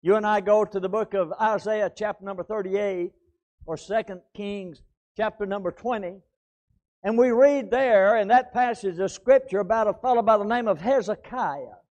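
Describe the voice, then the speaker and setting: A man with a high, light voice delivers a sermon in church. He swings between loud, pressing emphasis and quiet, hushed drops, repeating words as he goes and turning often to his congregation. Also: normal speed, dull audio. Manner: repeats words and phrases, addresses "ladies and gentlemen". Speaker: preacher.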